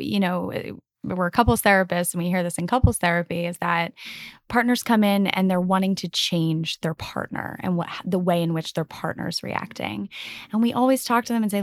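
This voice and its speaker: A woman's voice: mid-range voice, moderate pace, no room sound, clean studio sound. A woman couples therapist explaining relationship patterns as a podcast guest, affirming strongly and laying her ideas out carefully. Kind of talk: conversational interview guest.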